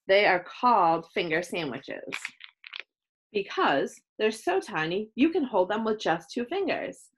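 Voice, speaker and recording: A woman reading a children's book aloud, voicing a prissy, showy second-grade girl in a high, whiny, dramatic voice. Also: big pitch swings, measured pace, slightly rough. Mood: showing off.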